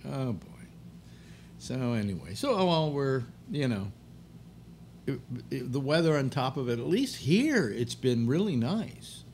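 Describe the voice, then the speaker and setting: A man's voice: medium pitch, sing-song, unhurried, darkish tone, a little hiss or hum. An older man hosting a talk show, rambling bluntly and grumbling through restarts. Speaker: radio talk show host. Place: apartment.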